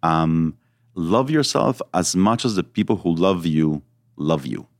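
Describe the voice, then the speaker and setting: Deep-voiced guy on a podcast, earnest, thinks out loud, dry close sound. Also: lively intonation, measured pace, no room sound. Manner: earnest, reflective, explains with examples. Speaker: guest. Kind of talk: podcast interview.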